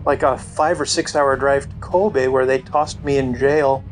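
A man's voice: medium pitch, steady tone, unhurried, over music. A middle-aged man casually telling stories as a podcast guest, talking in a chatty way and often saying "you know". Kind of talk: casual storytelling.

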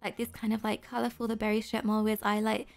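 High, gushing woman gaming YouTuber. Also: quick pace, vocal fry. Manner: excitable, gushing, frequent gasps and squeals; talks straight to viewers. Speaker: YouTuber host. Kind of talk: Roblox gameplay commentary.

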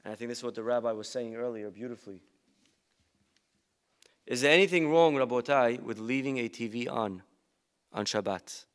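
A man's voice: medium pitch, moderate pace, pauses often, clear, resonant tone. A male rabbi giving a humorous sermon with stories and rhetorical questions to his congregation. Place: synagogue event.

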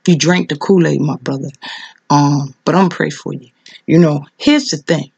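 Fervent gravelly-voiced woman preacher. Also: moderate pace, a little mellow, dry recording. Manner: fervent, repeats rhetorical questions, voice leaps high with emotion. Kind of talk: impassioned preaching vlog.

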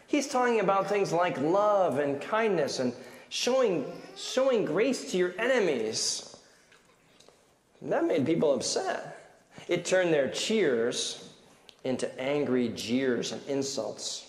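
Playful male pastor, children's sermon, lively, bouncing delivery in a reverberant sanctuary. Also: a little high, a little slow, a little hiss or hum. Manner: playful and animated, leading cheers and questions. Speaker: pastor leading a children's message. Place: large church sanctuary. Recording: roomy church hall reverb.

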